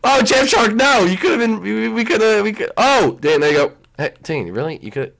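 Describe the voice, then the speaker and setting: Excitable young man shrieking over gameplay. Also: high-pitched, fairly quick, vocal fry. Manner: excitable, swings from mumbling to shrieking; playful trash talk with teammates. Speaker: gaming channel host. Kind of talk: live gameplay commentary.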